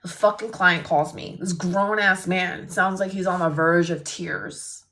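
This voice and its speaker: A woman attorney tells a story straight into her phone on a livestream. She talks bluntly and swears freely. Her tone is bright and forceful. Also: on the low side, fairly even intonation, a little slow.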